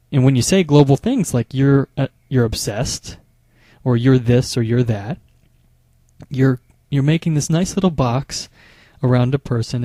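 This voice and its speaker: A man speaking as a marriage therapist, explaining calmly and methodically, often restarting his phrases. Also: mid-range voice, no room sound. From United States. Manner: measured, explanatory, with frequent small restarts. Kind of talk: instructional talk to camera.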